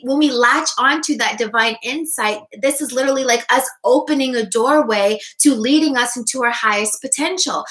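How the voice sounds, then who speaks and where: Woman, life coach, high pitch, bright voice, enthusiastic live-stream talk. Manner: enthusiastic, repeats "okay?" and "right?".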